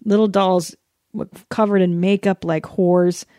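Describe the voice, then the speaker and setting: A woman in her thirties from the United States, hosting a solo podcast in a casual, animated rant full of swearing and laughter. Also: on the low side, measured pace, no room sound, studio quality. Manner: animated, profane, laughing often. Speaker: podcast host.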